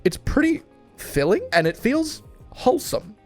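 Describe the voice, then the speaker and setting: Young male vlogger from the US, light high voice, casual and jokey, self-correcting as he talks. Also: big pitch swings, soft background music. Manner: playful, joking asides, quick self-corrections. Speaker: food vlogger ranking dishes. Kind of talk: casual tier-list commentary.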